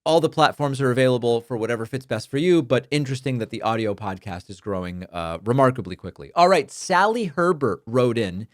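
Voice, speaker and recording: A man's voice: medium pitch, expressive, brisk, few pauses, no echo, clean studio sound. A man hosting a political talk podcast, speaking in a conversational way, thinking aloud with fillers and restarts as he reads out listener mail. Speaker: podcast host.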